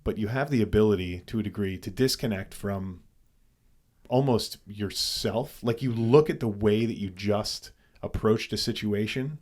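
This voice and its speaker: A man's voice: lowish voice, normal speed, darkish tone. A man co-hosting a podcast, telling a story casually and animatedly, with frequent swearing and restarts. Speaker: podcast co-host.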